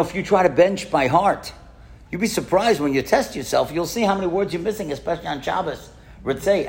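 A man giving a lecture as a rabbi to a synagogue audience, telling a story in an animated way and acting out the voices in it. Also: a little high, gravelly. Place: synagogue hall with live audience.

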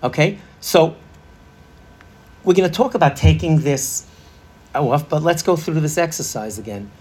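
A man's voice: on the high side, lively intonation, measured pace, darkish tone, breathy edge. A middle-aged man leading an interactive parenting workshop, chatty and laughing, quizzing a live audience.

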